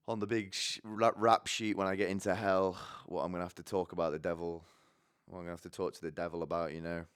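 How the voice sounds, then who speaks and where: A man's voice: low-pitched, clean tone. A young man telling rambling comic stories in casual, swearing monologue, often acting out the people in his anecdotes. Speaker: podcast host.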